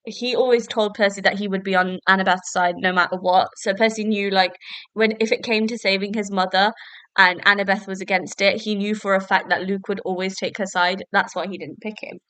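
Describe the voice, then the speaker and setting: Talking a little fast, a woman with a steady, mid-range voice that sounds pushed and bright rambles through a casual solo review on her podcast. Her tone is clean with no room sound, and she fills her chatter with "so basically" and "like."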